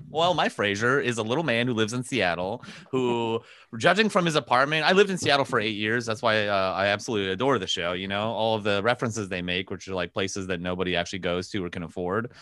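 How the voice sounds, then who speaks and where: A man's voice: on the low side, fast talker, fairly bright tone, dry recording. A young man co-hosting a podcast, chatting casually in a sarcastic, swearing way and laughing often. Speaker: podcast co-host. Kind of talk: casual chat.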